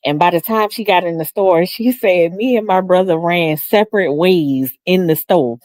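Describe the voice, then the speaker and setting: Speaking at normal speed in a dry, studio-quality recording, a middle-aged woman hosts a livestream. She chats casually through comments and family stories, laughing often and animatedly performing quotes in a high voice.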